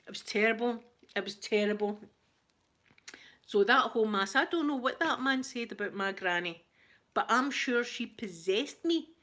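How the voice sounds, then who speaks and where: A Scottish woman hosting her channel, telling a story in casual, animated chat. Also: fairly high pitch, moderate pace. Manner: chatty, animated anecdote telling. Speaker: ASMR channel host.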